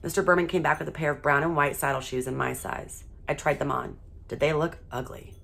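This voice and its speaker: A woman teacher reading a children's chapter book aloud in a steady, expressive way. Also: deep voice, a little fast, gravelly.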